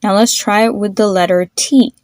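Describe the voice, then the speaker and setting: A woman hosting a pronunciation lesson, demonstrating sounds slowly and repeating them for the listener. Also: mid-range voice, steady tone, a little mellow, no echo. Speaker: host teaching pronunciation.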